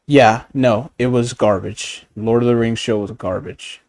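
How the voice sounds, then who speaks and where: A man ranting in casual chat as a streamer, animated and profane, often laughing. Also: mid-range voice, a little slow, dry recording, studio quality.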